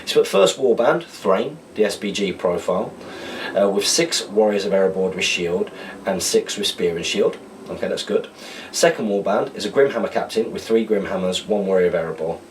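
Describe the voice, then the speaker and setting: Casting: male podcast host, lowish voice, a little off the mic, chatty and self-correcting. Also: normal speed, recorded from a distance, a little hiss or hum, low-quality recording. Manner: rambling, self-correcting, laughs at himself. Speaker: podcast host answering viewer questions. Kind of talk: casual solo chat reading out questions.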